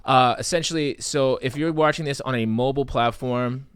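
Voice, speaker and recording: A man's voice: medium pitch, moderate pace, clear, resonant tone, no echo, studio quality. A man hosting a live podcast, chatting casually in a playful, rambling, joking way. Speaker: podcast host.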